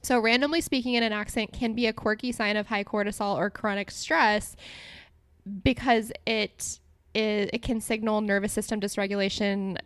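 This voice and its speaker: A woman's voice: mid-range voice, steady tone, moderate pace, clean tone, dry recording. A young woman hosting a solo podcast, talking casually with frequent laughs and lots of "like" fillers. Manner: chatty, giggly, lots of "like" fillers. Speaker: podcast host.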